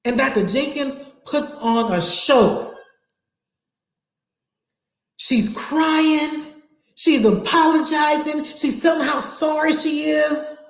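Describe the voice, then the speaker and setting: A woman's voice: high voice, slow, long pauses, roomy sound, soft background music. A woman telling a personal story from her time as a teacher and coach, acting out the dialogue as she goes. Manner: animated retelling with acted dialogue.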